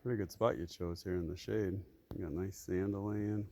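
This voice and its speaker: Farmer, male, soft doting pet talk outdoors; gravelly, warm-dark voice. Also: deep voice, fairly even intonation, brisk. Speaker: farmer talking to his animals. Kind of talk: casual chat to animals. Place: outdoors on a farm, shady pasture.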